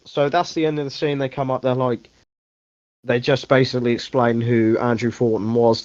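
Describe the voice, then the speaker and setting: On his podcast, a young man rambles through a casual movie review, frequently stopping to correct himself and throwing in the odd swear word. His mid-range voice has a dark tone, and the recording is dull, lo-fi, very dry and close, with no echo.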